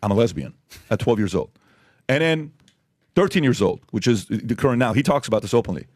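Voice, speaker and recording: A man speaks quickly and insistently in casual podcast talk, piling up rhetorical questions. His voice sits at a middle pitch. The sound is dry and close, with no room echo. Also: expressive. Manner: emphatic, repeats rhetorical questions. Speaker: podcast host.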